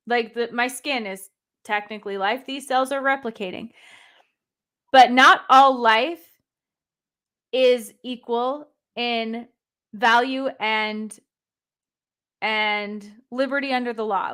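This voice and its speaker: A woman's voice: a little high, a bit bright. A young adult woman, a nurse guest on a podcast, talking bluntly in casual chat with lots of "like" fillers. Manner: blunt, talks fast in bursts with many "like" fillers.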